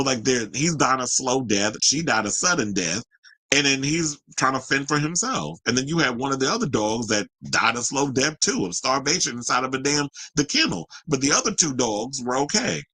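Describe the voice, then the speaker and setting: A man's voice: on the low side, pushed and bright, poor audio. A man hosting a casual solo pop culture commentary show, chatty and sassy with rambling asides.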